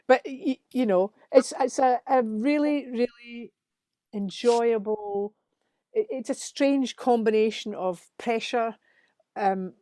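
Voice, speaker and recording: Scottish woman musician chatting, bit high voice, dry close sound, lots of acted-out quotes. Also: moderate pace, no echo. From Scotland. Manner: animated storytelling, acts out quotes. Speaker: musician guest. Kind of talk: casual chat.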